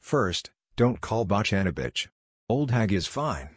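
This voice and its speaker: A man reading the lines of a calm, blunt, blind teenage boy ninja who speaks firmly and commandingly, in a deep, husky voice. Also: slow pace, no room sound, studio quality, exaggerated voice.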